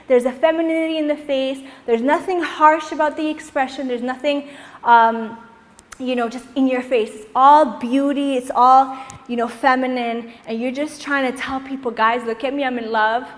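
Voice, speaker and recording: A young woman teaching a dance tutorial, energetic and encouraging, counting the beats aloud in a dance studio. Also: high voice, long reverb tail. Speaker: dance instructor.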